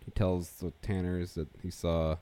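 A man's voice: low voice, little pitch movement, unhurried, dark tone, smooth, dry recording. A man hosting a podcast, chatting casually and jokily as he recaps a sitcom episode, rambling with fillers. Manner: rambling, jokey, with many fillers. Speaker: podcast host.

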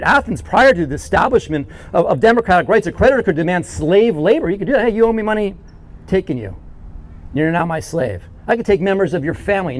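A male pastor delivering a sermon to his church. His voice sits high for a man and leaps up and down with lively swings. He slips into short acted-out pleas from the characters of the story he retells. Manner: animated, acts out quoted characters in the story.

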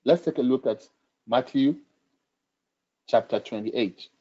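A man's voice: medium pitch, slow, mellow, slightly rough, dull audio. A man preaching a sermon and reading scripture aloud, stressing his points by repeating phrases.

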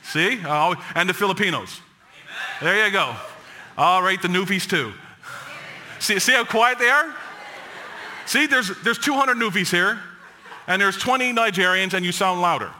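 A male pastor delivers a sermon with dramatic swings in volume and pitch. His voice is sharp and forceful and sits slightly high. He jokes now and then with the congregation. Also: normal speed, long pauses, a little hiss or hum. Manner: dramatic preaching, drops low and soft for quoted words of God; joking with the congregation.

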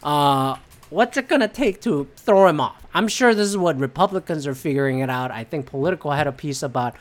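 A woman's voice: sits low, lively intonation, brisk. Profane, ranting woman podcast host. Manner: profane, blunt and opinionated; rambling with many fillers and restarts. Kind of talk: solo political commentary rant.

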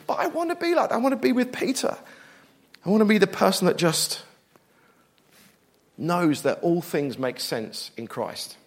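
Man, middle-aged, preacher, sermon, fairly high voice, lively, self-deprecating, loud then hushed. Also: normal speed, pauses often.

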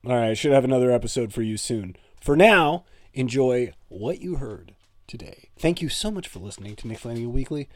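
A man in his thirties hosts a solo comedic podcast with playful, rambling asides. His pitch sits mid-range but swings widely from line to line. The voice sounds close and dry, with no room around it. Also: lively intonation, fairly quick, dry recording. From Toronto, Canada. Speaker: podcast host.

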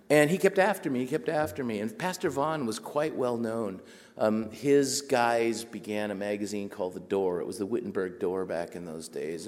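Brief: lower-voiced man, animated storyteller, long hall reverb. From Mexico border region. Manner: animated storyteller, acts out quotes and laughs. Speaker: writer giving a talk. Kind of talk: storytelling talk to a group.

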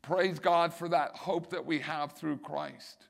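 A middle-aged man preaching a sermon in a high, gravelly voice. He swells and repeats key phrases for emphasis, the way a pastor drives a point home from the pulpit. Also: steady tone, takes it slowly.

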